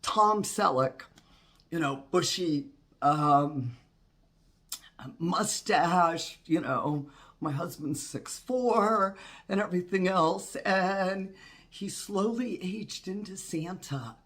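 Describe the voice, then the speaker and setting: A woman's voice: lowish voice, takes it slowly, fairly bright tone. A woman in her fifties hosting a witchcraft channel, talking in a candid, rambling way while congested from a cold. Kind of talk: casual vlog talk.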